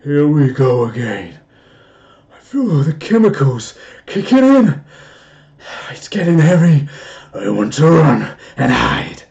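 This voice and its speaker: A man playing a half-scared, half-evil creepy figure in a loud, strained put-on voice. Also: a little high, very animated, slow, vocal fry, dull audio, heavily acted. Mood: creepy dread.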